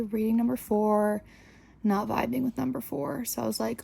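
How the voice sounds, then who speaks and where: A woman's voice: a little high, fairly even intonation, moderate pace, gravelly, warm tone, husky. A young woman hosting a podcast, telling a story casually in a chatty, exasperated way, full of "like". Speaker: podcast host.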